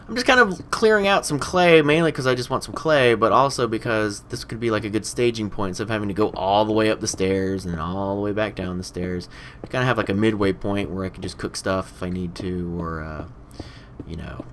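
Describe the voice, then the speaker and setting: Here a young man runs a let's play, offering loose commentary on the game and leaning heavily on "you know." He speaks in a lowish, slightly bright voice, and there's a faint hiss or hum underneath.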